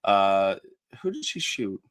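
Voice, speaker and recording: Dude on a podcast going over movie scenes, lots of uhs and restarts. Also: male voice, sits low, huge pitch swings, takes it slowly, fairly bright tone, clear, resonant tone. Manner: rambling, many fillers and restarts, retelling scenes. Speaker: podcast co-host. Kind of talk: casual movie recap chat.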